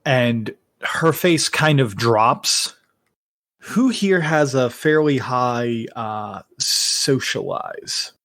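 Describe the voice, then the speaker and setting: A man narrating a tabletop game as game master, halting with many fillers and restarts. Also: mid-range voice, expressive, a bit bright, no echo, studio quality.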